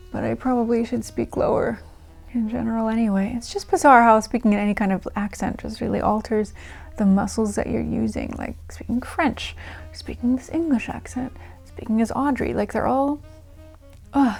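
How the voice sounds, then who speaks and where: A woman's voice: on the high side, vocal fry, a little mellow. Chatty woman host talking casually. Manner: chatty, rambling with fillers and laughs. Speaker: diary reading channel host. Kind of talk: casual chat to camera.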